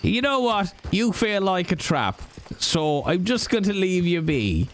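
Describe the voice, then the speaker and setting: Man putting on a fast, foul-mouthed Irish taunter. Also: sits high, very animated, slight background noise, pitched above the performer's own voice. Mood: mocking.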